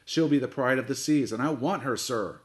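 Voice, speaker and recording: A man voicing a gruff old sea captain who bellows orders and roars at everyone. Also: mid-range voice, fairly quick, natural voice. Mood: blustering. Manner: roaring, barking orders.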